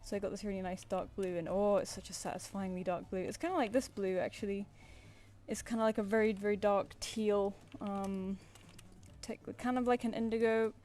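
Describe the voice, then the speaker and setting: A streamer and artist from England talks casually in a Southern English accent while drawing, rambling and restarting her sentences in her home flat with a cat. Her voice is medium-pitched, a little mellow, and brisk.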